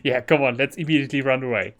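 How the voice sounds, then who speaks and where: A man's voice: mid-range voice, rapid-fire, a bit bright, faint music behind. A man from Germany with a German accent, casually commenting on a game he plays, laughing often and reading lines aloud. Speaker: gaming streamer. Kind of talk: casual let's-play commentary.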